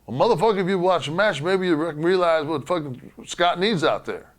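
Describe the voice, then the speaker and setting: A man yelling as a furious profane wrestler. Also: on the high side, lively intonation, brisk, voice pushed up, lightly acted. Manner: shouting, profane scolding. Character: furious male wrestler berating a colleague.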